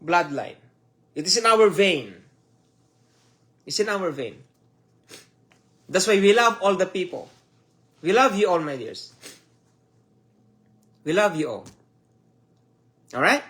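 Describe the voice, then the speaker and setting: A male preacher with a Filipino accent and a fairly high voice. He teaches in a slow, emphatic way, repeating each point for his listeners. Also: very animated, fairly bright tone. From Philippines. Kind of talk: sermon teaching.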